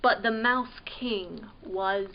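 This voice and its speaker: A woman librarian reading a picture book aloud at storytime, slow and expressive, asking the listening children questions. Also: mid-range voice, creaky, dull audio.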